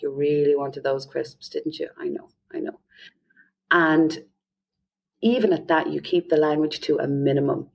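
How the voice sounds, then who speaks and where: Lower-voiced Irish woman coaching parents. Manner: lively, often acts out quoted parents and children. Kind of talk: podcast interview, explaining advice.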